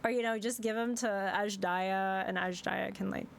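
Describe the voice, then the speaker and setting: A woman's voice: mid-range voice, fairly even intonation, normal speed, vocal fry, slight background noise. A young woman streaming a game, chatting casually and exasperated, with frequent swearing and laughter.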